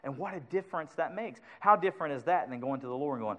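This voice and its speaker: A pastor preaching a sermon to his congregation, swinging from loud urgency to hushed asides and asking them for agreement. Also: on the high side, lively intonation, quick pace, few pauses, slight background noise.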